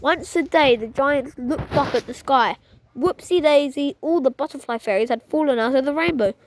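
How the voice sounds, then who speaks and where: High-voiced woman reading a children's book aloud. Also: moderate pace, slight background noise, low-quality recording. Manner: lively reading with frequent stumbles and restarts. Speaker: storytime reader.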